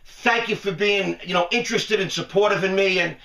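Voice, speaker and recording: A man's voice: high voice, brisk, creaky, bright, forceful tone, roomy sound, far from the mic. A man giving a sarcastic, rambling talking-head rant, laughing often between points. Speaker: vlogger.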